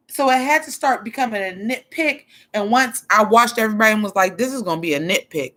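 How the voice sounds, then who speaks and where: Blunt, expressive woman doing stream commentary. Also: medium pitch, quick pace, hardly any pauses. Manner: blunt, expressive, swears, answers chat. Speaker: drag show commentator. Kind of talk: casual livestream commentary.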